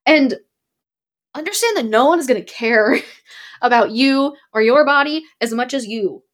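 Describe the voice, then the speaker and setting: A woman's voice: high voice, animated, unhurried. A woman in her twenties hosting a podcast in casual chat, frank and emphatic, full of "like" fillers and swearing when riled. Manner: many "like" fillers. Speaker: podcast host.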